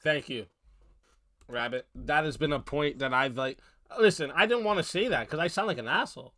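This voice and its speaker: A young man rants to his livestream chat, blunt and heated, cursing freely. His voice sits a little high, and the sound is dry and close with no room around it. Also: normal speed, a bit bright, no echo. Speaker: livestream host. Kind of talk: profane livestream rant.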